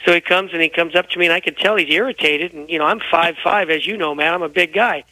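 A man who is feeling unwell, a guest telling lively anecdotes on a radio interview. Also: fairly high pitch, quick pace, no echo, poor audio. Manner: animated, tells anecdotes with quoted dialogue. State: unwell, feels physically poor. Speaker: guest author.

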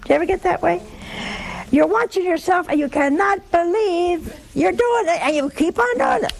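An older woman preaching on forgiveness, telling wry anecdotes and quoting slowly and deliberately. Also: very high voice, gravelly, a little hiss or hum. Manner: storytelling, slow deliberate quoting, wry humor. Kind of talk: religious talk with anecdotes.

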